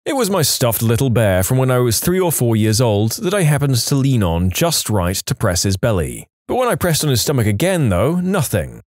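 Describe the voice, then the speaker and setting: Animated male storyteller, dry sound. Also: no echo. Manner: animated storytelling with lively pitch swings. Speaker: narrator. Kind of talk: scripted story narration.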